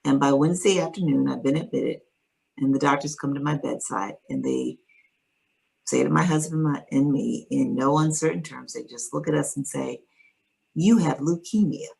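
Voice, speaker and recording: A woman speaks in a low, gravelly register with a husky edge to her voice. She is an interview guest, recounting a personal story in a calm, reflective way. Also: moderate pace, rough recording.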